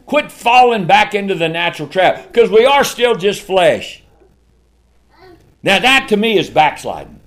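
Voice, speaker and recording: Preacher man, folksy and lively, slightly high voice, swings from loud to hushed, laughs often. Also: unhurried. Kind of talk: sermon.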